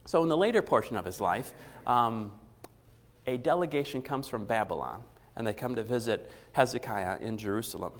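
A man's voice: mid-range voice, lively intonation, moderate pace. A man preaching a sermon in a conversational way, retelling scripture with acted-out dialogue and frequent restarts. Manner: conversational, acts out quoted dialogue, restarts often. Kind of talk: casual sermon.

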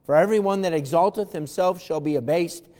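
A man's voice: a little high, a little fast, darkish tone. A man preaching an evening sermon in a church, fervently reading scripture aloud and asking the congregation direct questions. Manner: reads scripture aloud in King James wording. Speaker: pastor. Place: church sanctuary. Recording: long reverb of a large hall.

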